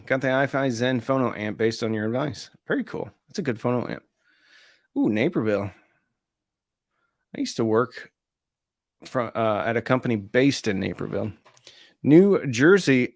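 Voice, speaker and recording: A man's voice: medium pitch, animated, normal speed, dry recording, clean studio sound. A man hosting a live stream, casually reading out viewer comments and answering them. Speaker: host of an audio gear channel.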